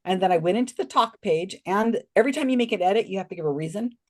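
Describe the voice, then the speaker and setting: This is a female podcast guest spinning an animated tale in a relaxed interview. She keeps restarting and throwing in side comments, and her voice leaps up and down in pitch as she imitates other people.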